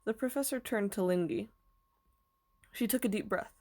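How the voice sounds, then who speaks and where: Woman, teacher, reading a children's novel aloud, clear, even, mid pitch. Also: normal speed.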